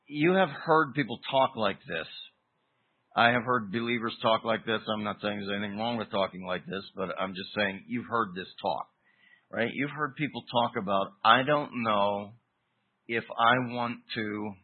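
A man preaching an expository sermon, teaching deliberately with emphatic pauses. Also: lowish voice, breathy edge. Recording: tinny phone-like recording.

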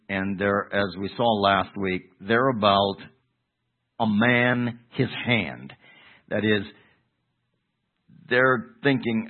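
A man preaching a sermon in a conversational way, restarting phrases and moving between loud emphasis and quiet asides. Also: on the low side. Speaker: pastor. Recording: tinny phone-like sound.

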